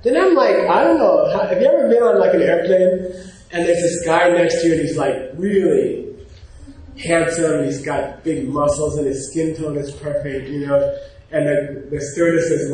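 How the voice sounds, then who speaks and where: A man giving an informal, animated lecture, often pausing to check in with his class. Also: on the high side. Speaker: teacher. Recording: very echoey room.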